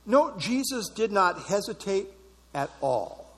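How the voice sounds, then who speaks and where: A man's voice: sits high, very animated, slow pace, a bit bright, husky. A man preaching an expository sermon, emphatic and repeating key words for stress. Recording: long hall reverb.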